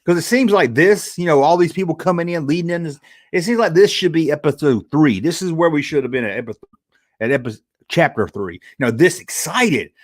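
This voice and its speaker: A man's voice: fairly high pitch, animated, fairly quick. A man hosting a casual livestream review, rambling and reading viewer chat aloud. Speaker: livestream host.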